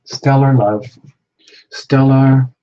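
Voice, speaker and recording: A man's voice: mid-range voice, steady tone, very slow, dark tone. A man hosting a live tarot reading stream, chatting casually with viewers and reading out their names. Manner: chatty, self-talking, reads out viewer names. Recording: dull lo-fi sound with faint background noise.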